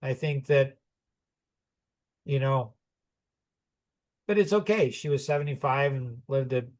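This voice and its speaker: A man's voice: mid-range voice, expressive, measured pace. A man in his sixties telling personal stories in conversation, rambling and reflective, often restarting and chuckling. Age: 60s.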